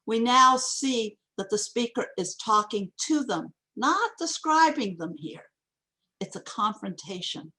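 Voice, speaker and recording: A woman giving a craft talk on poetry over a video call, reading lines aloud slowly and deliberately. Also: a little high, animated, bright, forceful tone. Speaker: poetry workshop teacher. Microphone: video call microphone.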